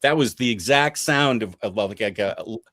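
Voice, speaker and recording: A man's voice: lowish voice, animated, normal speed, fairly bright tone, dry recording. A man hosting a casual live-stream chat, rambling and hesitant with lots of fillers. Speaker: podcast host.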